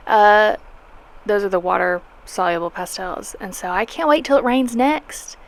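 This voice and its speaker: A young woman with a Southern US drawl talks casually to her viewers. Her voice sits at a middle pitch, and she rambles, trips over her sentences and pokes fun at herself as she goes. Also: expressive, measured pace. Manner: rambling, self-deprecating, restarts sentences. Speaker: vlogger. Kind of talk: casual chatty vlog narration.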